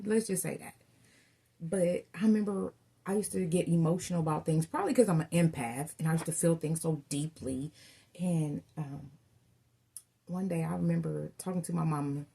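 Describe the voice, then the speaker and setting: A woman's voice: lowish voice, gravelly, a little mellow, husky. A woman doing a casual tarot reading, telling stories in a chatty way and calling her viewers y'all. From Southern United States. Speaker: tarot reader.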